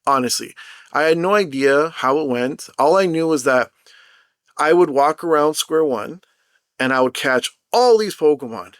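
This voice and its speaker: A young man on an unscripted vlog rant, rambling and swearing freely as he tells his story with plenty of animation. His voice sits a bit higher than most men's. The sound is close and dry, with no room echo. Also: animated, normal speed, smooth. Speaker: mobile game content creator.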